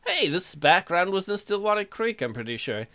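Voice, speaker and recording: A man giving casual let's-play commentary, with swearing banter and sudden loud exclamations. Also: sits high, sing-song, normal speed.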